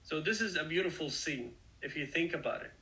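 Male Bible teacher, fairly high, bright, forceful tone; earnest and explanatory, talks to listeners directly. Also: lively intonation, a little fast, rough recording. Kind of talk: conversational Bible study sermon.

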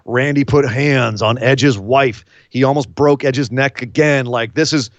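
A man hosting a casual podcast chat, animated and sarcastic. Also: mid-range voice, measured pace, no room sound. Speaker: podcast host. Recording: slightly dull lo-fi sound.

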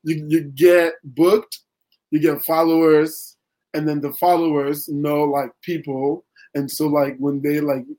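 A man's voice: a little high, little pitch movement, a little slow, a little mellow, low-quality recording. A man talking casually as a guest poet in an interview, rambling with many fillers and restarts.

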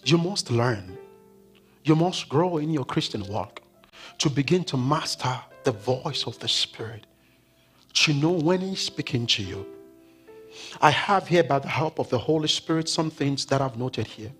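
Husky-voiced preacher man, lively. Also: mid-range voice, measured pace. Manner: dramatic swings from loud preaching to hushed whispers. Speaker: pastor. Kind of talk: sermon. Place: church. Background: faint keyboard music.

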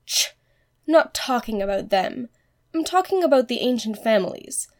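A woman's voice: a little high, lively intonation, normal speed. A woman voicing a scornful haughty young heiress. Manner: scornful, sulky retorts. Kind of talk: fan audiobook dialogue reading.

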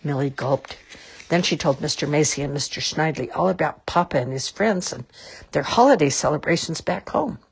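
Storybook narrator, woman, low and breathy. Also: brisk. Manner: expressive, lilting. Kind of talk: storybook read-aloud.

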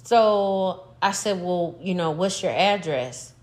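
A middle-aged woman telling a story in casual chat, animated and profane, breaking into laughter. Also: fairly low pitch, takes it slowly. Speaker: podcast co-host, mother.

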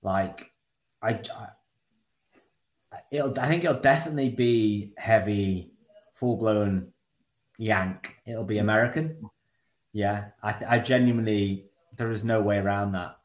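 A man's voice: on the low side, measured pace, long pauses. A man, co-hosting a casual podcast chat, joking and laughing often. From England. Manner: jokey, laughs often, trails off. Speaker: podcast co-host. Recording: roomy echo.

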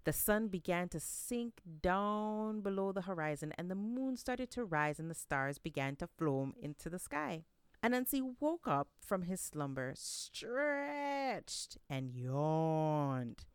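Storyteller: woman, low-ish voice with lots of melody, dry close sound. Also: moderate pace, clean tone, dry recording. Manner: expressive, lively read-aloud. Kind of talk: storytelling narration.

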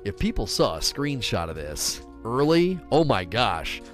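A man's voice: mid-range voice, a little slow, soft background music. A man ranting and chatting on a casual gaming livestream, reading viewer questions aloud and answering them. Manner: animated, ranting, reads chat questions aloud. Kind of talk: casual gaming stream chat.

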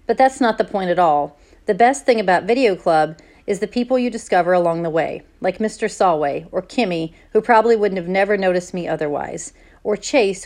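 A woman's voice: mid-range voice, a little mellow. A woman teacher reading a novel aloud to her class in a plain, conversational way.

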